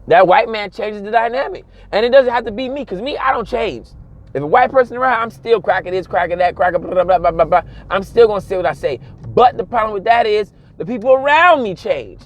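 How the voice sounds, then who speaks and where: A man, giving a casual, animated monologue and mimicking other people's voices along the way. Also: sits high, fast talker, dull audio. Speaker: commentator.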